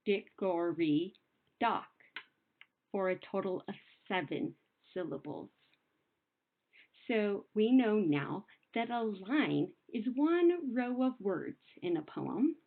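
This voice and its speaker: A young adult woman teacher explaining poetry to children in a patient, sing-song way, slowing down to sound out words. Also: mid-range voice, creaky. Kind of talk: recorded classroom lesson. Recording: phone-like narrow sound.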